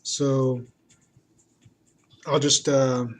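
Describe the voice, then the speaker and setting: A man's voice: medium pitch, little pitch movement, extremely slow, faint music behind. A man talking casually while he draws, rambling and hesitant, with many fillers and restarts. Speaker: artist. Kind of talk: casual talk while drawing.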